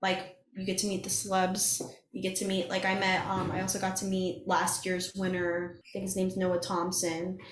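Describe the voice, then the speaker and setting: Background noise and a roomy echo surround a young woman, a singing contestant guesting on a podcast, who speaks at normal speed with a medium pitch. Her casual chat is full of lively storytelling, acted-out quotes and frequent laughter.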